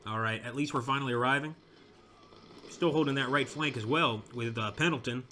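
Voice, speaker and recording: A young man with a Southern American drawl talks through a battle in his strategy game as it unfolds. His voice is bright and pushed forward, and he cheers his units on excitedly. A faint ambient hum sits behind him. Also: medium pitch, a little fast. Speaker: gameplay commentator. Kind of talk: let's play commentary.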